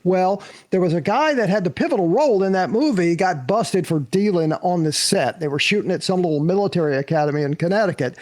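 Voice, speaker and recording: An older man and former actor, a guest on the show, telling animated show-business stories and acting out the quotes. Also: sits high, brisk, few pauses. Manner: animated, acts out quotes, laughs often. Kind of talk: anecdotal storytelling.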